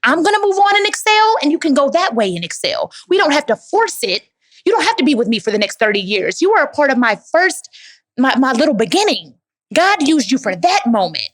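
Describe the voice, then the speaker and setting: This Dallas, Texas woman has a high voice with big swings in pitch, and she talks briskly. At a live motivational Q&A she answers audience questions with preachy emphasis, addressing everyone as "baby."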